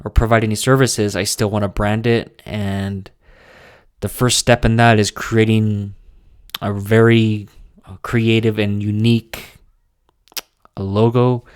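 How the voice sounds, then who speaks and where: A young man speaks slowly in a low, smooth voice that barely rises or falls, as he gives a casual vlog update on his businesses. He pauses, backtracks and repeats himself as he works out his words, and the recording is close and dry. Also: little pitch movement, no echo. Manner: slow, halting delivery with frequent restarts and fillers. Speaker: small business owner vlogging.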